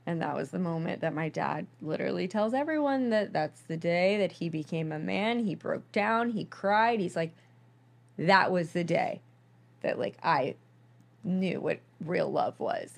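Brief: young woman, podcast co-host, low gravelly voice, rambling and heartfelt. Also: animated, a little slow. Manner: gushing, filler-heavy storytelling. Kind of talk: casual chat.

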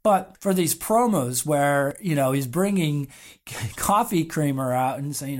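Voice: medium pitch, big pitch swings, measured pace. An interview host asking eager, lengthy questions and reading fan questions aloud.

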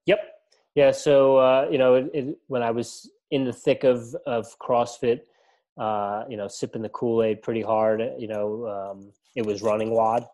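A man's voice: mid-range voice, steady tone, unhurried, darkish tone. A middle-aged man talking casually as a podcast guest, rambling with lots of fillers and restarts. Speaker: ultramarathon runner and coach, guest.

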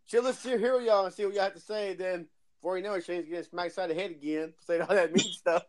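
A man's voice: sits high, steady tone, fast, a crowd in the background. A man co-hosting a podcast, teasing and laughing in casual chat. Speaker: podcast co-host.

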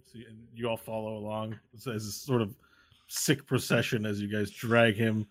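A man narrating as game master of a tabletop game, animated and often laughing as he describes events. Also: on the low side, normal speed.

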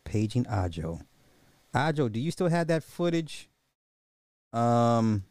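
A man hosting a casual livestream chat, animated and quick to react with agreements. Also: lowish voice, gravelly, no room sound, studio quality. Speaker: host.

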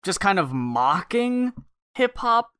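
Woman podcast guest, blunt and frank, lively pitch, dry close sound. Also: takes it slowly, clear, resonant tone, no room sound. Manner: blunt, frank opinions with swearing. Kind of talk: casual conversation.

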